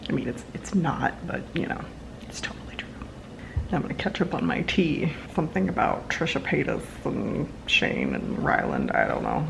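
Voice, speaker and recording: A woman's voice: deep voice, creaky, noisy background. A woman vlogging from her home kitchen while making candles, chatting in a playful, self-mocking way. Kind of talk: casual vlog chat.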